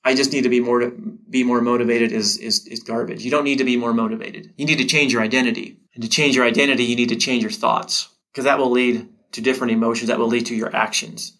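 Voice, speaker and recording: A man's voice: medium pitch, level tone, quick pace, hardly any pauses, a bit bright. Middle-aged man, teacher, conversational advice talk, mid-range voice, restarts and self-quoting asides. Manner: conversational, repeats words and restarts, acts out his own inner dialogue. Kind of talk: casual motivational talk to camera.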